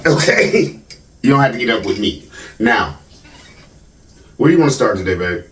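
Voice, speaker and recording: A man's voice: mid-range voice, very animated, moderate pace, fairly bright tone, slight background noise. A man hosting a casual talk show, greeting viewers by name as comments are read and reacting with easygoing laughter. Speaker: host. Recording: echoey room, mic at a distance.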